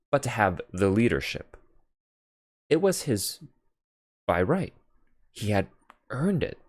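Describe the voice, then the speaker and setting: An audiobook reader with a deep male voice narrates a classic novel at an unhurried pace. His measured delivery rises and falls sharply in pitch to heighten the drama. The recording is close and dry, with no room sound or echo.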